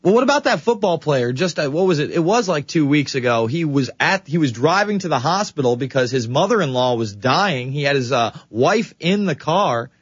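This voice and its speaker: Husky-voiced male radio co-host. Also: fairly high pitch, animated, normal speed, few pauses, no room sound, dull audio. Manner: conversational, prompting the host. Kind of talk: talk radio discussion.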